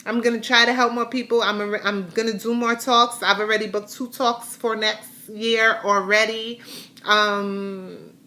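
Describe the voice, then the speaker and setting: A woman's voice: on the high side, steady tone, a little slow, pushed and bright. A middle-aged woman chatting casually in a rambling, heartfelt way while giving a personal health update to her viewers. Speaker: vlogger sharing a health update.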